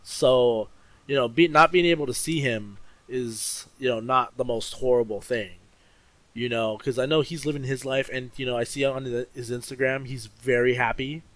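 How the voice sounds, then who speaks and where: Casting note: young adult man, gaming streamer doing a casual Q&A, expressive and rambling, mid-range pitch. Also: moderate pace, no room sound, poor audio. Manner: expressive, rambling with many fillers and restarts. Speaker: streamer answering viewer questions.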